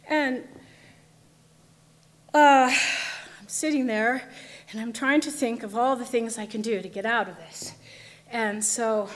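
A woman with a high, light voice tells a personal story with vivid drama. She moves from hushed tension to loud outbursts as she relives it. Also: steady tone, slow, pauses often. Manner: vivid, dramatic retelling, shifting between hushed and shouting.

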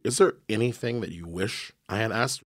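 A man working as a radio interviewer, asking measured, conversational questions. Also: lowish voice.

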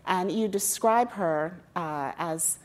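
A woman with a fairly low voice hosts a stage interview. She speaks in a measured, polite way. She pauses briefly now and then with small fillers. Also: a little mellow. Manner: measured, polite, reads introduction with small hesitations.

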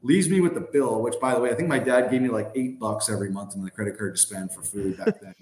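A man's voice: fairly low pitch, fast, darkish tone. Rambling man telling stories, roomy sound. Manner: rambling, filler-heavy storytelling. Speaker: podcast guest, former hockey player. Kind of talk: casual anecdote telling.

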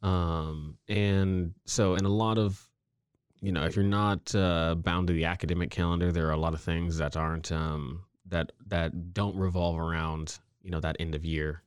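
Deep-voiced man, thoughtful and measured. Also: level tone, smooth, dry recording, clean studio sound. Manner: measured, thoughtful, many ums. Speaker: podcast co-host. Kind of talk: casual chat.

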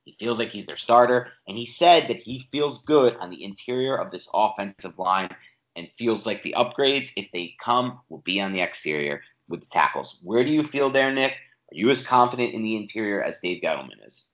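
A man's voice: lowish voice, animated, moderate pace, fairly bright tone, echoey room. A man co-hosting a sports podcast, ranting emphatically and with frustration in casual talk. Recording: dull lo-fi audio.

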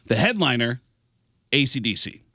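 A man hosting a podcast, telling a comic story in an animated way with laughter through it. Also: medium pitch, moderate pace, no echo. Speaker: podcast host.

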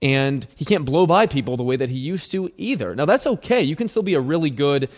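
Measured male basketball analyst. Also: on the high side, lively intonation. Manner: measured, precise with stats. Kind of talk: analytical sports commentary.

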